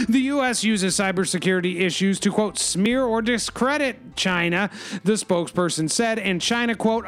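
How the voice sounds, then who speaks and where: Man, comic news-panel host, raspy fading voice, theatrical, high-pitched. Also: fairly bright tone. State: losing his voice. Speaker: host reading news stories. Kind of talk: comedic news-panel talk.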